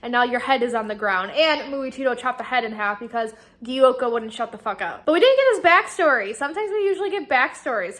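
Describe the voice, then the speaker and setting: A woman with a high voice talks through her reading in a casual vlog. She gushes and rambles excitedly, with plenty of swearing mixed into her chat. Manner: excitable, gushing, swears freely. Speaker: vlogger. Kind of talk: casual book-reaction chat.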